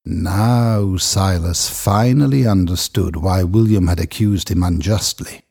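Husky, dark-voiced male narrator. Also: sits low, a little slow. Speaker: audiobook narrator. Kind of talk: scripted story narration.

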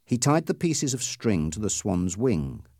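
A man's voice: lowish voice, very animated, dark tone, dry recording, studio quality. A man reading a story aloud as narrator, in scripted storybook narration. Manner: slow, clearly paced reading.

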